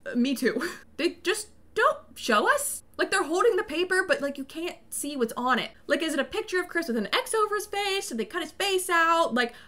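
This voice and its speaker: A woman's voice: extremely high pitch, expressive, normal speed, bright, forceful tone. A young woman recapping a horror movie in casual chat, sarcastic and incredulous, saying "like" a lot. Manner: sarcastic and incredulous, fond of the filler "like".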